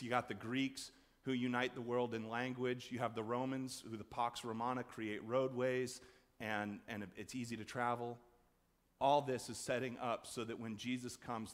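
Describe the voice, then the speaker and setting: A man preaching a sermon as pastor, conversational and animated, acting out voices in the story. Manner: conversational, acts out quoted voices with big swings in pitch and loudness. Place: church sanctuary. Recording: long church reverb.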